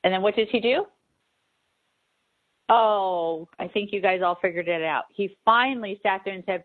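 A woman's voice: mid-range voice, moderate pace. A woman host and spiritual advisor giving an emphatic, repetitive radio talk monologue. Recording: tinny phone-like sound.

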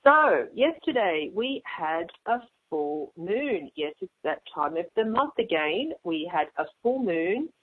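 A woman's voice: fairly low pitch, very animated, slow, hardly any pauses, breathy edge. A woman hosting a radio astrology show, talking through star signs in a chatty way with frequent ums and uhs. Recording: phone-like narrow radio sound.

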